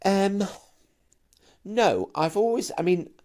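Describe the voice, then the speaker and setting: A middle-aged man from Manchester, a camp and animated actor and singer who often stammers into his sentences while chatting as an interview guest. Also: sits high, takes it slowly. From Manchester, England. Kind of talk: casual interview chat.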